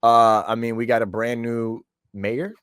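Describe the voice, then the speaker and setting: A man's voice: medium pitch, level tone, a little slow, a bit bright, clear, resonant tone, no room sound, clean studio sound. A man guesting on a podcast, chatting casually and enthusiastically. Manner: enthusiastic, acts out quotes. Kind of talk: casual chat.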